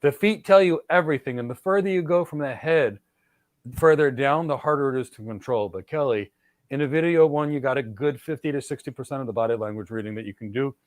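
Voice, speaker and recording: A middle-aged man hosts a career show and hands out advice with punchy emphasis, repeating key points and addressing listeners by name. His voice sits at an ordinary pitch. The sound is dry and close, with no room echo. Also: fast talker. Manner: emphatic, repetitive, lecturing with direct address. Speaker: podcast host and cloud architecture mentor. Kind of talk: energetic advice talk.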